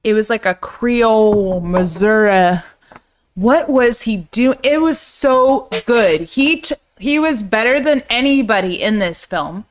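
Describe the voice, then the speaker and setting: Profane, animated woman movie host. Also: fairly high pitch, slow, a little hiss or hum. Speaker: livestream movie podcast host. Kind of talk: casual chat.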